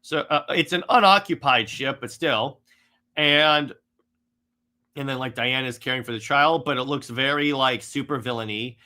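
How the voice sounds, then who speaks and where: A man's voice: mid-range voice, moderate pace, bright, forceful tone. A man giving a casual, exasperated critique of a comic run, rambling with frequent restarts.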